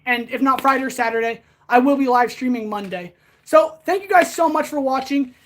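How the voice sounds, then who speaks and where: Her voice sits high and moves fairly quickly, with a little hiss or hum in the audio. She's a blacksmith hosting a relaxed livestream, winded from swinging a sword as she chats and responds straight to viewers.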